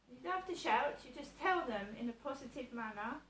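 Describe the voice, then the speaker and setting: A woman's voice: a little high, fairly quick, few pauses, a little hiss or hum. Chatty woman vlogging in an echoey room. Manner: chatty, repeats herself, acts out others' words. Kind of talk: casual personal vlog. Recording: echoey room, voice a little distant, faint background ambience.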